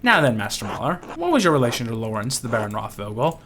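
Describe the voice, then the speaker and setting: A formal, probing church official, read by a man. He questions a witness in a measured, official manner. His pitch moves in a lively way. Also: noisy background.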